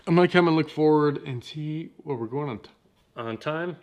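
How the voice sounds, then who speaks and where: A man hosting a motivational podcast, talking in an energetic, slangy way and repeating his points. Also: on the high side, moderate pace. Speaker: podcast host.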